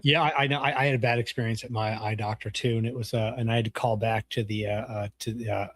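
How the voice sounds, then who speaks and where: A man co-hosting a casual podcast, telling a story in a rambling, halting way. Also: fairly low pitch, fairly even intonation, a little hiss or hum. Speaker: podcast co-host. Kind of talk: casual chat.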